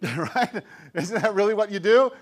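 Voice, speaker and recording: A middle-aged man delivers a sermon in a casual, conversational manner. His voice sits fairly high for a man. He pokes fun at himself and peppers the talk with rhetorical questions. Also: animated, moderate pace. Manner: conversational, self-deprecating preaching with rhetorical questions. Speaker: pastor.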